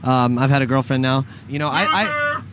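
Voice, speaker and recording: A man's voice: mid-range voice, wildly swooping pitch, moderate pace, heavy background noise. A man co-hosting a casual talk show, rambling with lots of fillers and restarts and laughing often. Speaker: podcast co-host. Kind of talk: casual chat with banter.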